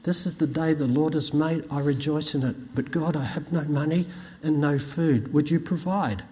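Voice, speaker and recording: A man's voice: a little high, moderate pace, darkish tone, a little hiss or hum, lightly acted. A man voicing a cheerful devout old woman who makes earnest, singsong declarations, in a joke within a sermon. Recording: long reverb in a hall.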